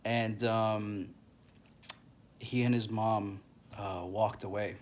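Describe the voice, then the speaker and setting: A grieving man telling a personal story to camera in a halting, emotional way, with many pauses and restarts. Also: on the low side, level tone, slight background noise.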